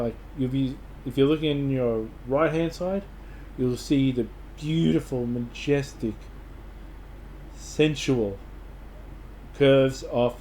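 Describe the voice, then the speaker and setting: An Australian man talks straight to the camera, offering casual advice with enthusiasm. He rambles, restarts and fills pauses as he goes, in a voice of middling pitch. A faint hum sits under his voice. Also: mellow. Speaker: vlogger giving travel advice.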